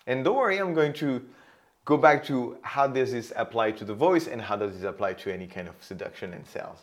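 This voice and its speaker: A man teaching how to place the voice for sales, explaining with a pen example in an animated way. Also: medium pitch, brisk. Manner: animated, demonstrates loud and whispered voices. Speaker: voice and sales coach. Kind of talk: teaching monologue.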